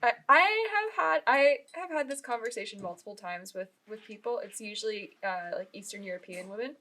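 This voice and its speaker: A woman's voice: a little high, fairly quick. A woman in her twenties co-hosting a podcast, telling a story and acting out what other people said. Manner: storytelling, quotes others in animated voices. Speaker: podcast co-host. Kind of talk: casual podcast chat.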